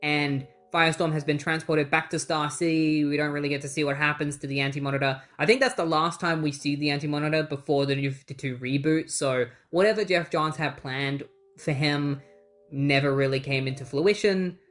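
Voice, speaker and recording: A man's voice: on the high side, steady tone, a little fast, fairly bright tone. A man casually recapping a comic book story in a chatty, sarcastic way and acting out the characters.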